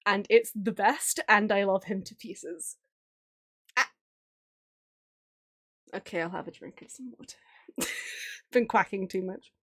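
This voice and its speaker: A woman's voice: mid-range voice, unhurried, long pauses. A woman streamer chatting casually while drawing, gushing and giggling often. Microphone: streaming mic.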